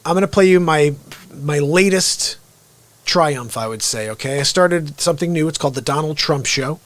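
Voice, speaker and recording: A middle-aged man talks straight into a close, dry mic while he hosts a live stream. His voice sits a little high for a man. He is energetic and bursts out loud now and then, then drops to low asides. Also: moderate pace, dry recording. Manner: energetic, with sudden loud outbursts. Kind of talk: unscripted live-stream monologue.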